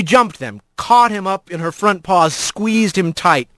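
A man narrating fiction in a dramatic, expressive audiobook reading. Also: sits high, takes it slowly, few pauses, no echo, studio quality.

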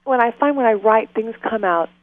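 A woman's voice: on the high side, moderate pace. A woman speaking as an author and interview guest, talking earnestly and from the heart. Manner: earnest, heartfelt, prone to tears and laughter. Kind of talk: emotional interview conversation. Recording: tinny phone line.

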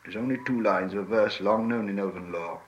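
A man reading aloud as an ancient, grave wizard in a measured, solemn way. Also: fairly low pitch, close to an everyday voice. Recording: old lo-fi archive recording, distant.

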